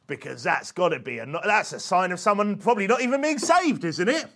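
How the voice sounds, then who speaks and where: High-voiced man preaching. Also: lively intonation, a little fast, gravelly. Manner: swings from quiet asides to shouted scripture. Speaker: pastor. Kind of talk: sermon.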